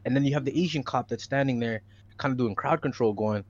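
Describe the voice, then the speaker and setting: A man's voice: medium pitch, quick pace. A man in a casual podcast discussion, retelling events with slang and acting out the quotes. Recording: dry, dull lo-fi mic.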